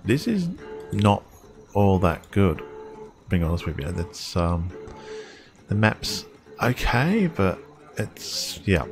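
A man with a very deep, low-pitched voice talks through a game as he plays, rambling and thinking aloud in a casual way. Guitar music plays clearly in the background. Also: expressive, slow. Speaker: gamer streaming his play. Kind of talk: casual let's-play commentary.

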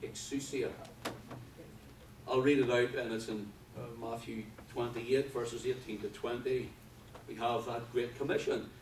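A man's voice: mid-range voice, steady tone, a little slow. Fervent male preacher in an echoey hall. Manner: fervent preaching, swinging from quiet to loud. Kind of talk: sermon. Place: church hall. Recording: echoey hall from far off with background noise.

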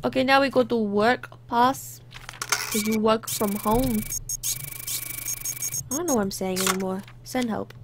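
High-pitched woman, self-mocking gamer. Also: a little slow, pauses often, noisy background. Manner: chatty, self-mocking, scattered. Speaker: gaming channel host. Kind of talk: let's play commentary.

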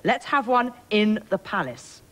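A woman's voice: medium pitch, big pitch swings, a little slow, a bit bright, voice pushed up, poor audio. Blustery stubborn storybook king, woman reading it, voice swoops up and down a lot. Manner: blustering, spluttering.

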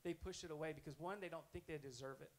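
A man's voice: a little high, fast talker, rough recording. A man preaching a sermon in a conversational, earnest storytelling way. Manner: conversational, earnest, self-correcting.

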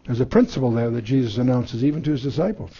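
A man's voice: mid-range voice, expressive, quick pace, dark tone, breathy edge, muffled recording. A man giving a verse-by-verse Bible lesson, reading scripture aloud and then explaining it, with many fillers and restarts. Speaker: Bible teacher.

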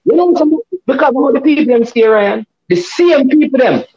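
A man's voice: very high voice, lively intonation, moderate pace, a little mellow, husky, no room sound, muffled recording. A man with a Jamaican accent, scolding and insistent in a casual football argument.

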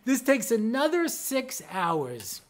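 A man's voice: very high-pitched, wildly swooping pitch. A man, a rabbi, giving a humorous lecture, telling stories in a chatty way and checking whether his listeners follow him. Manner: joking storyteller who mimics people in quick exchanges; conversational, with frequent asides asking the listeners if they follow.

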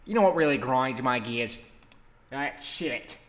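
A young man giving casual, rambling gameplay commentary, cursing often and breaking into loud outbursts. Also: medium pitch, expressive, unhurried. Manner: rambling, swears a lot, bursts into loud outbursts. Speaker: gaming video host.

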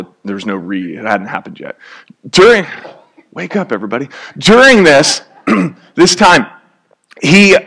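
A man's voice: fairly high pitch, fairly bright tone. A man preaching a sermon in a conversational, joking way, acting out little scenes.

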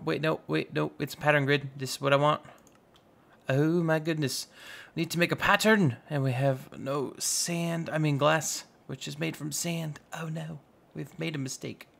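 A young man giving casual, goofy let's-play commentary, chatting excitedly with his viewers. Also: a little high, creaky. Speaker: gaming YouTuber.

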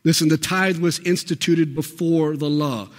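Speaking at normal speed with a steady tone, a fairly high-voiced pastor delivers an emphatic sermon full of rhetorical questions. The sound places him in a large hall, a church sanctuary.

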